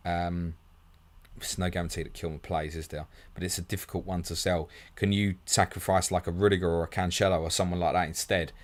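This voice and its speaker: A deep-voiced man hosts a live fantasy football question stream. He reads questions out quickly and answers them in a blunt, matey way, tossing in "mate" at every turn. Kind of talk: fast live Q&A reading viewer questions.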